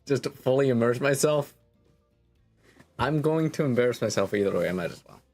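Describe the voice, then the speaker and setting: Playful, animated male streamer. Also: mid-range voice, normal speed, creaky, soft background music. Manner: playful, self-mocking, chatty with viewers. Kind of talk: casual livestream chat.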